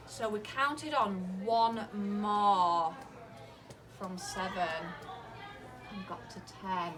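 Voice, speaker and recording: A woman teaching a maths lesson to a class of young children, slowly asking questions, encouraging their answers and repeating them back. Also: medium pitch, lively intonation, over music. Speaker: early years teacher.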